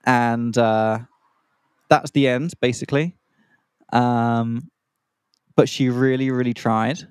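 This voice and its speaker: A man's voice: mid-range voice, fairly even intonation, slow, a little mellow, clear, resonant tone, dry recording. Chatty man telling a story. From Australia. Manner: rambling, explains slang terms mid-story. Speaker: podcast co-host. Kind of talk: casual storytelling for English learners.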